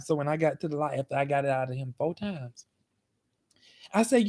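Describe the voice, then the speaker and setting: A man's voice: on the high side, a little fast, long pauses. Chatty man telling a story. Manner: animated, repetitive, chatty. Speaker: host. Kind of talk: casual storytelling.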